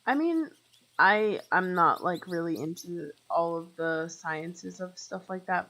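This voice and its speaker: Young woman, gaming streamer, casual rambling chat, slightly low voice, filler-heavy. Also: animated, slow pace, sharp tone, poor audio. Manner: talks to chat viewers directly. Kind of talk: casual chat while playing.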